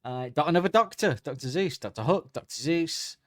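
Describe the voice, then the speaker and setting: A man's voice: a little high, expressive, a little fast, fairly bright tone, dry recording, studio quality. Man joking on a podcast. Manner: joking, slips into silly put-on voices. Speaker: podcast co-host. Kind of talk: casual comedic chat.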